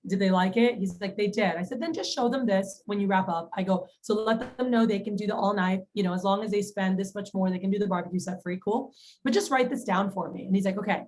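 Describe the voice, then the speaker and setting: A woman's voice: mid-range voice, quick pace, a little mellow, poor audio. A woman giving a sales training talk in a chatty storytelling manner, retelling phone calls with quoted lines. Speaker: sales manager.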